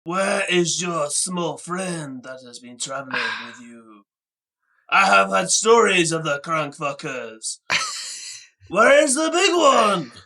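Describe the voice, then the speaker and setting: A man's voice: sits high, big pitch swings, slow pace, bright, forceful tone, full character voice. A man playing a pompous male holy warrior with a put-on French accent in a tabletop game. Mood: grave. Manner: hammy, theatrical, breaks into laughter. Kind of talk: tabletop role-play voice.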